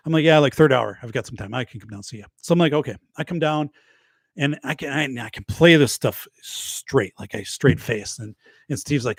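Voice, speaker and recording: A man in his late forties, a podcast host, telling a rambling, animated anecdote with many restarts, recorded close on a podcast mic. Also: mid-range voice, a little fast, vocal fry, no echo. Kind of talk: casual storytelling. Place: home studio.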